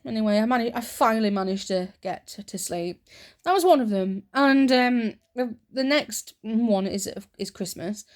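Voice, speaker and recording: A woman talking softly and rambling through stories in a soft-spoken ASMR chat, close to the mic. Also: a little high, lively intonation, normal speed. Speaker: ASMR creator.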